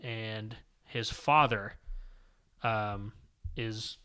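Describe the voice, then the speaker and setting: A man talking through a comic book story on a podcast, rambling and long-winded. His delivery stays fairly flat in pitch, even when he reads the characters' lines aloud. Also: extremely slow, clean tone. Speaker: podcast co-host. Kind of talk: casual comic book discussion, reading panels aloud.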